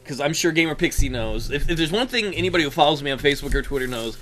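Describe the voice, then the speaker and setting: A man's voice: a little high, expressive, rapid-fire, a bit bright. Guy cohosting a gaming podcast remotely, jokey, voice bounces all over. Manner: joking, wry. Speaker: podcast co-host. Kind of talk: casual chat. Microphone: remote call, own mic.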